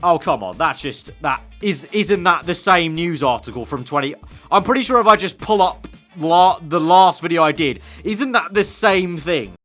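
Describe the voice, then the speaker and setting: A gaming video creator chats over his racing game with wry, quick sarcastic jabs. His voice sits a touch above the usual male range, high-side, expressive and a bit bright, with faint music behind him.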